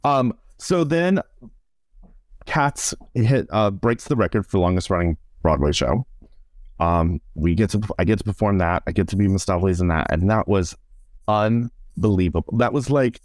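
A man's voice: sits low, lively intonation, normal speed, a little mellow, no room sound, studio quality. A middle-aged man, a stage performer, chatting animatedly in an interview and retelling moments with acted-out quotes and lots of "like". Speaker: guest, stage performer and director. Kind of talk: casual podcast interview storytelling.

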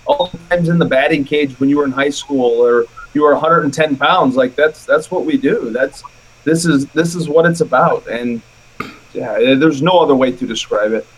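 A man's voice: a little high, moderate pace, breathy edge, low-quality recording. A man, a pro baseball player guesting on a podcast, speaking plainly and with halts. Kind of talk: casual chat.

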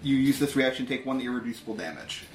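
A man's voice: medium pitch, expressive, fast talker. Man game master explaining rules. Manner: reads rules aloud, hesitant fillers. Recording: echoey room, faint music.

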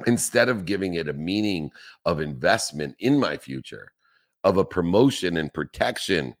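A man with a very low, deep voice delivers a motivational talk. He builds long repetitive lists and drives them home with emphatic rhetorical questions. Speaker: motivational speaker.

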